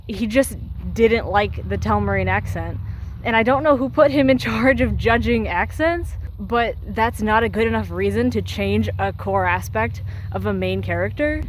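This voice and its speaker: A woman's voice: medium pitch, a little hiss or hum, low-quality recording. A young woman giving casual critical commentary, ranting with exasperated sarcasm. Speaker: video essayist.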